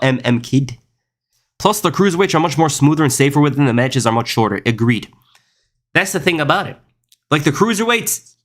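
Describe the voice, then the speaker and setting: A man's voice: a little high, fairly bright tone. Chatty young man on a live stream. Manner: reads chat aloud and riffs, rambling, says "bro" and "listen". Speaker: streamer reacting to chat. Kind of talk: casual live-stream chat.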